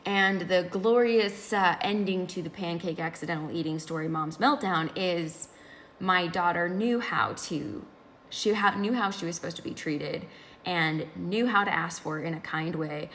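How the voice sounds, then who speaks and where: A woman in her thirties telling a personal story in casual, expressive speech that swings between loud and hushed. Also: on the low side, normal speed, slight background noise. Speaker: podcast host and mother.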